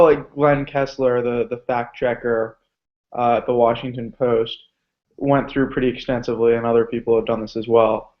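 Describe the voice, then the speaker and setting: Man, podcast guest, casual chat, mid-range voice, lots of likes and fillers, muffled lo-fi sound. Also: medium pitch. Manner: loose, filler-heavy talk with many "like"s. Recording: dull lo-fi recording.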